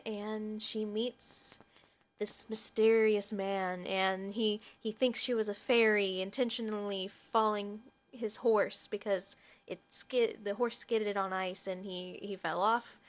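Chatty woman podcaster full of fillers. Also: mid-range voice. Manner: chatty, many fillers and restarts; laughs often while talking. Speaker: podcast host. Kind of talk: casual book discussion.

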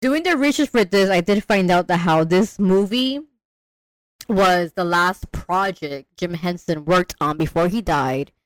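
A young woman co-hosting a casual movie chat, animated and profane, acting out characters as she quotes them. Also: fairly low pitch, unhurried, no room sound. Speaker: podcast co-host.

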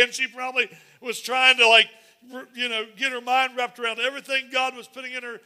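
A man preaching a sermon as pastor, animated and repetitive, building up to shouts. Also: extremely high pitch, a little fast.

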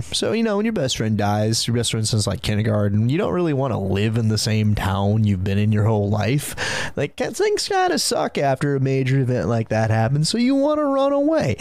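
A young man hosting a live podcast, rambling and swearing as he tells stories, laughing often and admitting he is high. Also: a little mellow, no echo. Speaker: podcast host.

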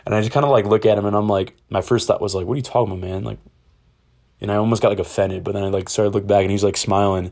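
A man's voice: fairly low pitch, level tone, fast talker, gravelly, a little mellow. A young man from Ohio telling a personal story in a rambling, candid, casual way, swearing freely. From Ohio, USA.

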